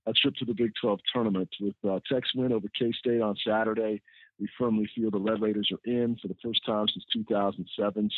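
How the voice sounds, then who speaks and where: A man's voice: medium pitch, no echo. Polished sports broadcaster man on a tinny phone line. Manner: smooth, polished broadcaster delivery. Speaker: guest, college sports broadcaster. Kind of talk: phone-in podcast interview.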